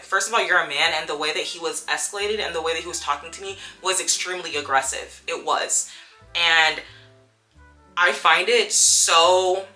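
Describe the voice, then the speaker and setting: A young woman recounting a confrontation at work in a vlog, telling it with animated storytelling and acting out the quotes. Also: lowish voice. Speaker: vlogger. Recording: soft music underneath.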